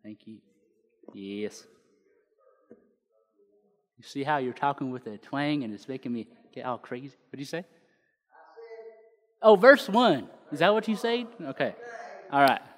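A man's voice: mid-range voice, lively intonation, unhurried, pauses often. A man preaching casually to a congregation, joking in asides before reading a psalm aloud. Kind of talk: casual sermon with scripture reading. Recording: long hall reverb.

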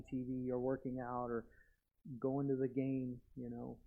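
A man preaching a sermon as pastor, earnest and conversational, with animated asides. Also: mid-range voice, measured pace, creaky. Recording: dull lo-fi recording.

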